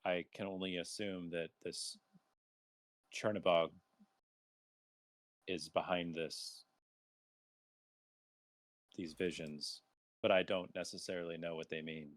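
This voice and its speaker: A man playing a tabletop game, speaking hesitantly and haltingly with restarts. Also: sits low, steady tone, dry recording. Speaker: player. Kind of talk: tabletop role-play.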